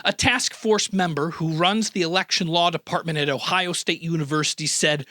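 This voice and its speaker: A man's voice: fairly high pitch, fairly even intonation, normal speed, hardly any pauses, bright, forceful tone, no room sound, clean studio sound. A man from the Midwest hosting a comedic news roundup, sarcastic and full of mock-outraged asides. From American Midwest. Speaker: news host.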